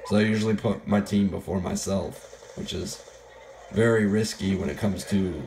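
Live shooter-game commentary comes from a young man with a low-pitched, steady, slightly mellow voice that illness is fading. He speaks at a moderate pace, rambling and self-deprecatingly jokey, with slight background noise.

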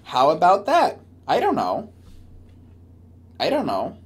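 A man's voice: a little high, wildly swooping pitch, slow pace, husky. A man giving comedic commentary on a story he is reading along with, sarcastic and swearing as he mocks it. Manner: sarcastic, swearing, mocking rants. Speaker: commentary host.

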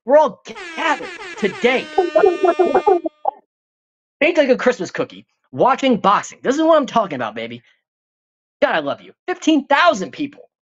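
A man's voice: high-pitched, huge pitch swings, a little fast, fairly bright tone. A man hosting a live stream, reading viewer comments in a profane, rambling, joking way.

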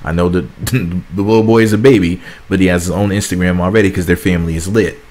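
A man's voice: low voice, fairly even intonation, quick pace, darkish tone. A man hosting a celebrity gossip channel, reading viewers' comments aloud in a chatty, sassy way and laughing at his own asides.

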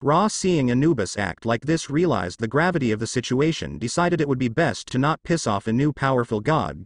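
A man's voice: no room sound, studio quality. A man narrating a fan fiction story, reading every character's lines in his own voice. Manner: reads all figures in his own voice, lively pitch.

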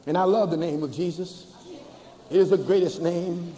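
Older male preacher, high voice, church echo. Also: mellow. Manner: folksy, humorous, rising to slow chanted emphasis. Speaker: bishop preaching. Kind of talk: sermon. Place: large church before a congregation. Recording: hall reverb with faint ambience, cassette.

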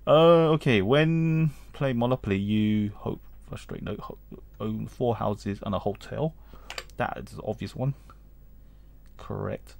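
A man's voice: fairly low pitch, a little slow, creaky, a little mellow. A man giving casual let's-play commentary, reading game text aloud, rambling, humming and chuckling as he goes. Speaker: gaming channel host.

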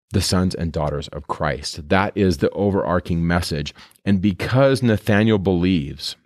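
A man hosting a scripture podcast, reading verses aloud and explaining them in a relaxed, conversational teaching manner. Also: low voice, no room sound, studio quality.

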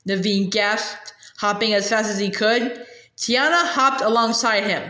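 A woman reading a children's novel aloud, halting and repeating words with many uhs. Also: medium pitch, fairly even intonation, pushed and bright, reverberant. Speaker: reader.

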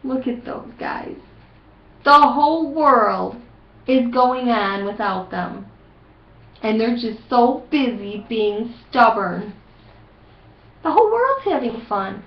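Gentle older woman reading slowly. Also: a little high, animated. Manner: gentle, grandmotherly coaxing. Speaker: storybook reader. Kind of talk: children's read-aloud with gentle advice. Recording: roomy, dull home recording.

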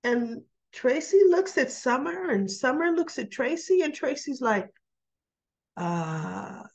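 A woman hosting a casual soap opera recap, chatty and quick to act out the characters' lines with little laughs. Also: high voice, expressive, dull audio. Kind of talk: casual chat.

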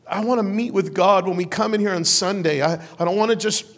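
A man in his forties preaching in a church, his fairly high voice rising from easy jokes to fervent, loud declarations. The sound rings with a long reverb from the sanctuary. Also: fairly quick. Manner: lively, joking, builds to loud passionate preaching. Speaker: pastor. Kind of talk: sermon.

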